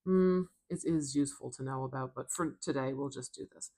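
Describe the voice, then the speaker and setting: A woman with a North American accent teaching pronunciation, patiently sounding out each syllable in a soft-spoken lesson. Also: a bass voice, a little fast. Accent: North American English.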